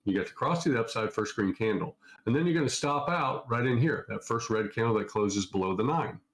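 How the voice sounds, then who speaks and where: A man's voice: mid-range voice, lively intonation, brisk, low-quality recording. A middle-aged man from Minnesota hosting a casual live Q&A, answering viewer questions off the cuff in a loose, chatty way. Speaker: trading educator hosting a Q&A.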